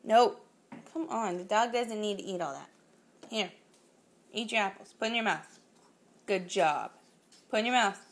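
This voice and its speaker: A woman's voice: mid-range voice, measured pace, pauses often. A woman talking to a toddler at mealtime, coaxing her to eat with short, repeated instructions. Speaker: parent feeding a toddler. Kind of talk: casual talk to a small child.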